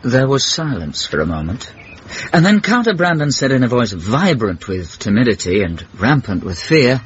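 A man narrating a radio comedy drama with wry, measured storytelling. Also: mid-range voice, sing-song, slight background noise. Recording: dull lo-fi radio broadcast.

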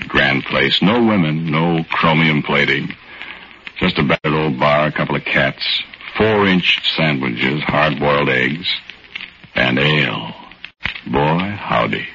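A man's voice: extremely low pitch, takes it slowly, pushed and bright, slight background noise, exaggerated voice. An actor narrating as a folksy, easygoing working man, in 1940s radio acting. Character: easygoing working man telling his story. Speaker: narrator and lead character. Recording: dull old radio recording with music.

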